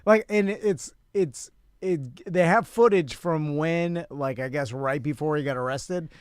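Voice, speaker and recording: A man's voice: a little high, unhurried, no room sound, studio quality. A middle-aged man co-hosting a casual podcast, rambling with restarts and laughing a lot. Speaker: podcast co-host. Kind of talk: casual livestream chat.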